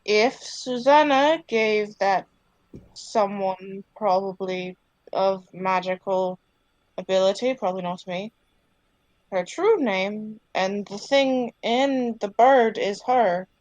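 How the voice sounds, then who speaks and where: A woman's voice: mid-range voice, darkish tone, no room sound, dull audio, natural voice. Woman doing a blunt skeptical adventurer. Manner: halting, restarting, matter-of-fact.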